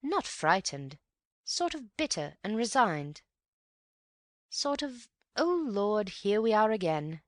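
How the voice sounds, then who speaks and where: A woman voicing a composed male secretary giving measured, wry evidence. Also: mid-range voice, sing-song, dry recording, studio quality, voice pushed up.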